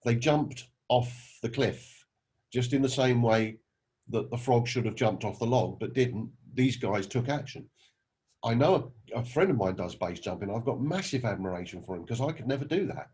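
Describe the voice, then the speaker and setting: Brief: male motivator, earnest, husky voice, mid pitch. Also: lively intonation, normal speed, darkish tone. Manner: earnest, rhetorical questions and anecdotes. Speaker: network marketing recruiter. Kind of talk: motivational talk with storytelling.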